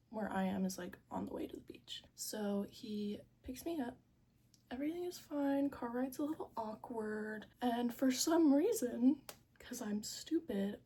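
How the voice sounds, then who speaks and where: A woman's voice: fairly high pitch, warm tone, slight background noise. A woman in her twenties telling a storytime vlog, chatty and full of fillers, swearing casually and often dropping to a whisper. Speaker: vlogger.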